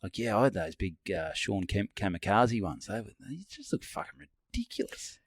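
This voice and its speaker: A man's voice: fairly low pitch, animated, normal speed, no echo, clean studio sound. An Australian man co-hosting a podcast, chatting in a laid-back, joking way. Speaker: podcast co-host. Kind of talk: casual chat.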